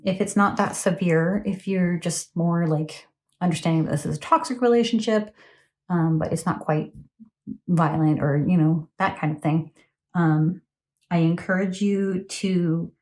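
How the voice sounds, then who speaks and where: Woman, tarot reader on a phone camera; low, mellow, earnest, chatty delivery. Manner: chatty, earnest, frequent ums and "okay?". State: emotional, close to tears. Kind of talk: casual tarot reading to camera.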